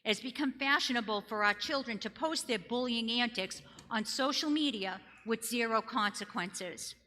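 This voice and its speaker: Bright-voiced woman with a Boston accent. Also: a little high, normal speed, a little hiss or hum. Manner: earnest, emphatic, argues point by point. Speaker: state legislator. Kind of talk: prepared floor speech in a legislature. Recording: long reverb of a legislative chamber.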